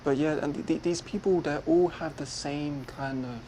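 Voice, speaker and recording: A man's voice: on the high side, normal speed, mellow, slight background noise, poor audio. A man telling a personal story in a casual way. He acts out other people's lines as he goes. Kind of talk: casual retelling.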